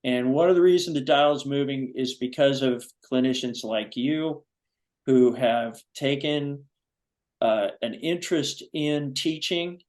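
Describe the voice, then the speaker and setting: A man hosting a foundation's live video-call show, chatting enthusiastically in a rambling way with many pauses. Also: mid-range voice, darkish tone, poor audio. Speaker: foundation vice president and host. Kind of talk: casual Zoom talk show chat.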